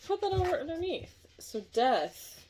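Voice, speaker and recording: A woman giving a casual tarot reading, chatty and thinking aloud, quick to laugh. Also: extremely high pitch, sing-song, warm tone, a little hiss or hum. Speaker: tarot reader.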